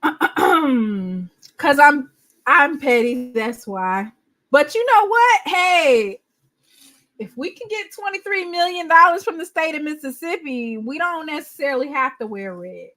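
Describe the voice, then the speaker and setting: A woman hosting a casual live podcast, animated and joking with her viewers. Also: sits high, measured pace. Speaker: podcast host. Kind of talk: casual livestream chat.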